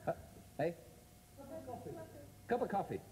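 A man's voice: sits high, very animated, darkish tone, a little hiss or hum. A man hosting a chat show in front of a studio audience, bantering and teasing his guest. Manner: teasing, quick-witted banter. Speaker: talk show host.

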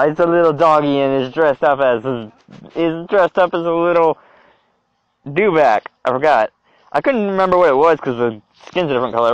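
Young male creator reacting on camera; somewhat high, animated voice, muffled dry recording. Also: fairly quick, no echo. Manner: animated, exclaiming, talks to himself. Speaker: video creator. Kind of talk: reaction commentary.

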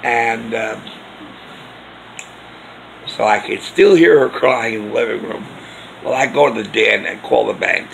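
Man, vlog storytelling, earnest, rambling, very gravelly voice, faint hum behind. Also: medium pitch, unhurried, long pauses, fairly bright tone, poor audio. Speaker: vlogger. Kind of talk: personal storytelling.

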